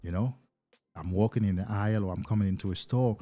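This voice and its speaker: Man with a low, dark, husky voice. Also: fast talker, soft background music. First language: not English. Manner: animated, acting out little scenes in other voices. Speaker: life coach. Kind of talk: livestream talk to viewers.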